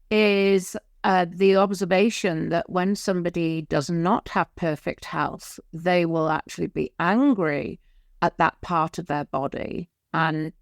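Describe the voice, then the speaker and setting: Low gravelly-voiced woman podcast co-host. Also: no room sound, clean studio sound. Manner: earnest, reflective, many fillers. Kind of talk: unscripted spiritual wellness chat.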